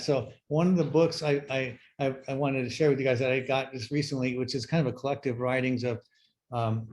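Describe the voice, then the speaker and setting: Man, middle-aged, recovery share, halting and reflective, lots of fillers. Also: mid-range voice, a little mellow. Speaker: workshop speaker sharing recovery story. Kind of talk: personal sharing talk.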